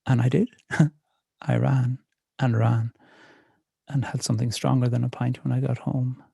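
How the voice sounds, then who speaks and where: Gravelly, mellow Northern Irish man. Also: mid-range voice, flat delivery, no room sound. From north of Ireland. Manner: slow, measured, reflective telling. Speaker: poet. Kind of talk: poetry reading and storytelling.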